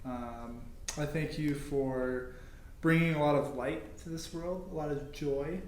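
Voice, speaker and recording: A man hosting a podcast, asking questions and wrapping up in a relaxed, thoughtful way. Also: on the high side, a little slow, a little hiss or hum. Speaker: podcast host. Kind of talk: casual podcast interview. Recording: echoey room with faint music.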